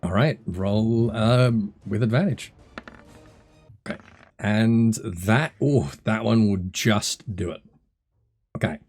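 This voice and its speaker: Low-voiced man running a tabletop game. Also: slow pace, pauses often, faint music behind. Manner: relaxed, many fillers and restarts while narrating combat. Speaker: game master.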